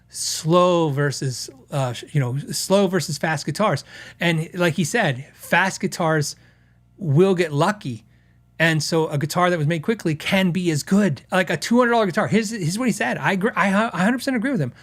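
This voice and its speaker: Guy rambling on his podcast, voice on the higher side, lots of restarts. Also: moderate pace, a bit bright. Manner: conversational, rambling with restarts and acted quotes; reads viewer comments aloud. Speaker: podcast host. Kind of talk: casual chat.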